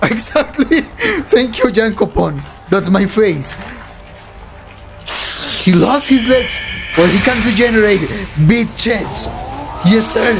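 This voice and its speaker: Excitable young man reacting slowly to anime. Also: sits high, music in the background. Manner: excitable and emotional, swearing, frequent laughter, calls the viewer bro.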